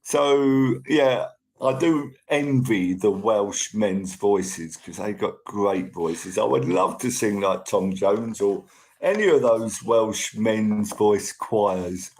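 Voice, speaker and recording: Gravelly-voiced man chatting on a live stream. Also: lowish voice, slow pace, darkish tone, low-quality recording. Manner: chatty, thanks viewers by name as they join. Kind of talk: casual live stream chat.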